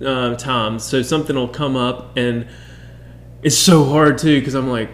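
A man talking casually as co-host of a relaxed chat show. He rambles, restarts his sentences and slips into quick quoted asides. His voice sits at an ordinary middle pitch. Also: echoey room. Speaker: podcast co-host.

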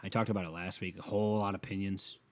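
Man podcast host, slight lisp, rambling profane rant, lowish voice. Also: little pitch movement, racing.

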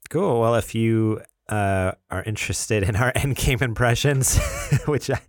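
A man's voice: medium pitch, measured pace, no echo, clean studio sound. A man in his thirties co-hosting a casual podcast, laid-back and teasing, laughing often. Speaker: podcast co-host.

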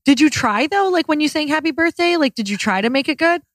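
A woman's voice: high voice, expressive, fast, no room sound, clean studio sound. A woman hosting a podcast in casual chat, playful and jokey, often giggling. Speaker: podcast host.

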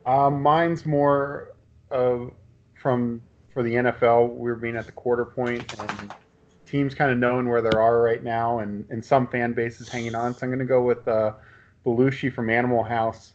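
A man's voice: mid-range voice, little pitch movement, moderate pace, a little mellow. Laid-back middle-aged man, lo-fi sound. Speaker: podcast co-host. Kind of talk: casual sports podcast chat. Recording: dull lo-fi sound with faint hiss.

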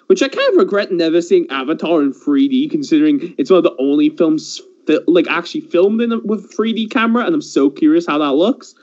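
A man from England telling a story in casual podcast chat, animated and swearing a lot. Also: fairly high pitch, a little fast, hardly any pauses. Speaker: podcast host. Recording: dull lo-fi sound.

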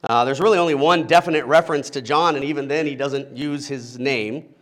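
A middle-aged male pastor preaching a relaxed, conversational sermon, with joking asides and frequent "right?" checks to the congregation. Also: mid-range voice, a little fast. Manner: casual, humorous asides, frequent rhetorical "right?".

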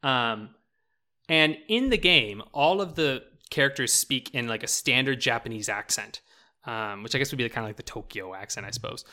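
A podcast co-host with a medium-pitched, bright, forceful voice speaks expressively at a moderate pace. Chatting casually, he explains things animatedly, laughing and peppering his talk with "like" and "right?"

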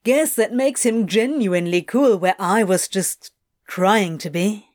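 A wry, guarded man who swears freely and mocks himself, as a woman narrator puts him on in an audiobook. He speaks slowly, with a mid-range pitch close to the reader's own, and keeps his tone offhand. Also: darkish tone, natural voice. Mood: candid, offhand. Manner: blunt, swears a lot, scolds himself. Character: wry guarded young-adult man, self-mocking. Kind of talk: audiobook reading of fiction.

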